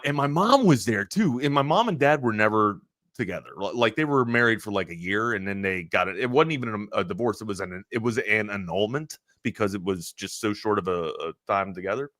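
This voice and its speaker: Bright-voiced man telling a rambling story. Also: on the low side, dry recording, clean studio sound. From Maryland. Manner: rambling, animated storyteller with many restarts. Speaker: sports talk radio host. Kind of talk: casual storytelling on a talk show.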